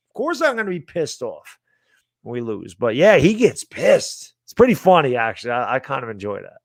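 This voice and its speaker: A man's voice: a little high, very animated, normal speed, gravelly, no room sound, clean studio sound. A man co-hosting a casual sports podcast, talking in an exasperated, rambling way. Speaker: podcast co-host.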